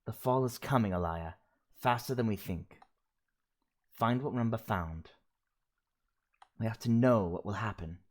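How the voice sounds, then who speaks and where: A man's voice: fairly low pitch, a little slow, long pauses. A man voicing a stern, anxious older woman professor while reading game dialogue aloud. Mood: insistent.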